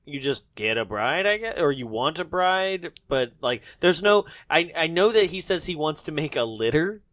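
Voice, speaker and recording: A man's voice: fairly high pitch, animated, normal speed, fairly bright tone, no echo. A man co-hosting a casual movie podcast, joking, swearing and laughing often as he acts out scenes. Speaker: podcast co-host. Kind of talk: casual movie-review banter.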